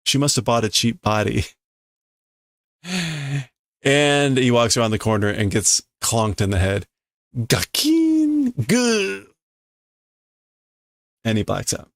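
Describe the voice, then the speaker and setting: A man's voice: medium pitch, a little slow, no echo. A man casually reading a manga aloud on a live stream, sounding out Japanese lines and translating them with amused chuckles.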